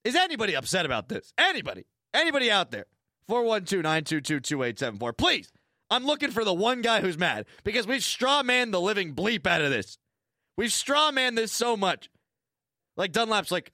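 A man's voice: sits high, big pitch swings, fairly quick, pushed and bright, dry recording, clean studio sound. A man hosting a sports talk radio show, ranting and sarcastic, repeating lines for emphasis.

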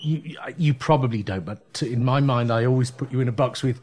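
A man's voice: mid-range voice, a little fast, a little mellow. A man with a Birmingham accent, a podcast guest in casual chat, dry and self-deprecating. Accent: Birmingham English. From England.

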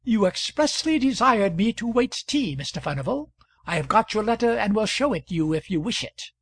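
A woman's voice: big pitch swings, normal speed, husky, dry recording. A man voicing a stout, hysterical middle-aged wife who sobs and scolds in an old novel reading. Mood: aggrieved. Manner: shrill, tearful, aggrieved. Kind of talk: audiobook character voice.

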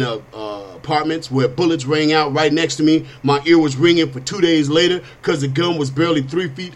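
A middle-aged man hosting a talk show, telling personal stories in an animated, streetwise way with casual slang. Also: fairly high pitch. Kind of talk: storytelling monologue.

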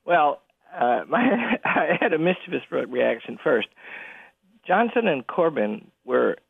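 A man's voice: fairly high pitch, sing-song, vocal fry, husky, no room sound. An older man as an interview guest on the phone, chuckling often and restarting his sentences as he talks. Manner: chuckling, halting with many restarts. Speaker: guest, college president. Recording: tinny phone line.

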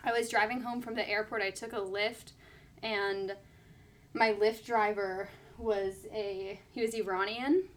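A woman's voice: mid-range voice, fairly even intonation, measured pace. A young woman telling a personal story in casual chat, full of fillers and acted-out quotes. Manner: chatty, lots of "like", quoting others.

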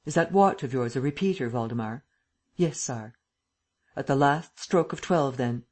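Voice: mid-range voice, normal speed, a little mellow, lightly acted. A reader voicing a stern, impatient emperor who gives short, authoritative commands. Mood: commanding. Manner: curt, authoritative. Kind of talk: audiobook character reading.

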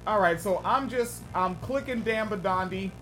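A man's voice: sits high, moderate pace, fairly bright tone, a little hiss or hum. A man co-hosting a casual political chat podcast, joking and laughing often in loose slangy talk. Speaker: podcast co-host.

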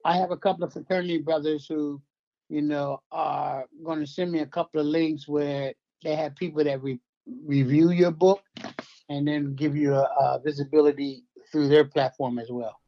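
Man guest, halting speaker, fairly high voice, dull radio sound. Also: steady tone. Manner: halting, filler-heavy explaining. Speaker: author guest. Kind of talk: radio interview.

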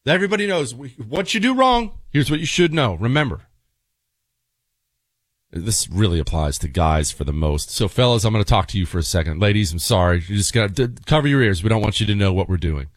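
A man's voice: fairly low pitch, expressive, brisk, dry recording, clean studio sound. A man hosting a talk radio show, giving joking, mock-serious advice to his listeners.

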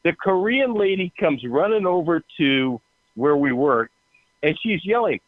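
A man telling funny stories in a loose, casual way, laughing often and acting out the other voices. His voice is a bit high and swings up and down a lot. It comes through a dry, phone-like line. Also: big pitch swings, unhurried, no echo. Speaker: guest. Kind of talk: casual storytelling.

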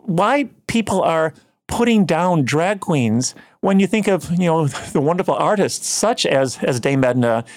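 A man's voice: on the high side, animated, unhurried, dry recording, studio quality. A man who is a guest on a podcast, listening attentively with frequent murmured agreement between his own remarks. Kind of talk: casual chat.

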